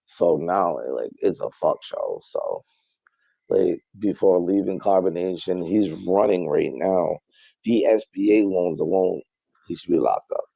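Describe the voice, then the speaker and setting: Deep gravelly man, muffled. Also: expressive, a little slow, warm tone, dry recording. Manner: emphatic, blunt. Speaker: interviewee. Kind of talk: interview clip. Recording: dull, muffled clip.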